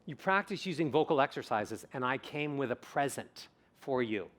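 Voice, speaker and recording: A male vocal coach speaking at a conference and taking audience questions, animated and emphatic, repeating words for stress. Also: medium pitch, moderate pace. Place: conference stage before a live audience.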